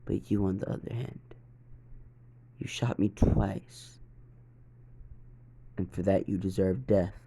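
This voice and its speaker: A man voicing a cold, ruthless young boy held captive, speaking in a flat, calm way. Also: low-pitched, slow pace, pauses often, husky, heavily acted.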